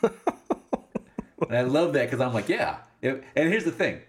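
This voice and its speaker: A man's voice: medium pitch, big pitch swings, takes it slowly. A man in casual conversation, enthusiastically talking through scenes of a film and acting out the characters' lines. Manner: enthusiastic, acts out quoted lines in voices. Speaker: podcast co-host. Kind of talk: casual movie discussion.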